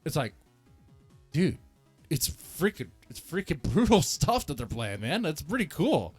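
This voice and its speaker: A man's voice: fairly high pitch, sing-song, a little slow, breathy edge, faint music behind. A man hosting a reaction channel, rambling in a casual, joking and self-mocking rant. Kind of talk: casual ranting commentary.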